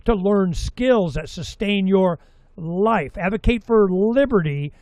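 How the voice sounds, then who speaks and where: Middle-aged guy hosting a talk show, kinda high voice, rambly and sarcastic, dry close sound. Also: lively intonation, slow, a little mellow, dry recording. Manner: rambling, sarcastic, acts out quotes in mocking voices. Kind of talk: casual opinion monologue.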